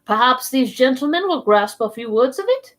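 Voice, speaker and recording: A woman reading aloud, voicing a serene, deferential young manservant who speaks in a calm, philosophical way. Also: high-pitched, moderate pace, pitched above the performer's own voice. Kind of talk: read-aloud storybook voice.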